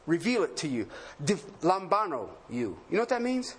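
A man preaching a sermon, asking rhetorical questions and swinging between emphatic highs and low murmurs, laughing often. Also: sing-song, moderate pace, husky.

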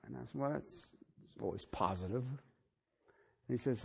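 A middle-aged male pastor preaching a sermon, swinging from soft asides to shouted emphasis. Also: mid-range voice, moderate pace, creaky, breathy edge.

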